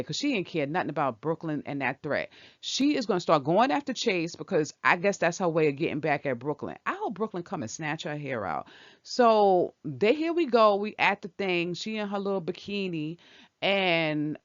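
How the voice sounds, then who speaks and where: A woman's voice: on the low side, dry recording. A woman hosting her channel, recapping a soap opera in a chatty, opinionated way and talking back at the characters. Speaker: channel host. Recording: dull lo-fi, dry sound.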